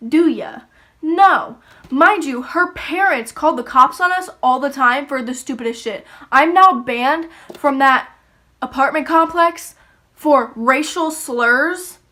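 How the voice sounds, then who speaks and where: A woman's voice: high-pitched, bright, forceful tone. A young woman telling a story casually, swearing freely and acting out the voices. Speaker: YouTuber.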